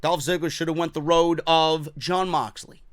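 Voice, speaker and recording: A man's voice: a little high, flat delivery, moderate pace, no echo, studio quality. A man hosting a wrestling opinion show, ranting heatedly and profanely, often repeating himself. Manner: mocking quoted voices. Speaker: wrestling commentary host.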